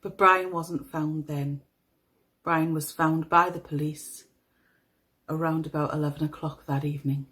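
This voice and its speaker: A woman with a toned-down Northeast English accent narrating a true crime story in a measured, somber manner. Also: low-pitched, fairly even intonation, a bit bright, poor audio. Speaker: podcast host.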